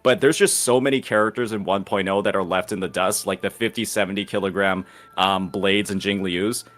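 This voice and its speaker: A man's voice: deep voice, fairly even intonation, fairly quick, a bit bright. A man arguing his view as a guest in a casual online debate, rambling and swearing, full of "like". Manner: rambling, swears, heavy use of "like".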